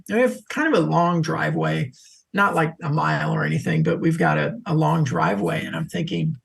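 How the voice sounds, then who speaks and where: A middle-aged man, a social selling expert, telling lively stories as a podcast guest. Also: a little high, creaky. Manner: animated anecdotal storyteller. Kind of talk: podcast interview storytelling.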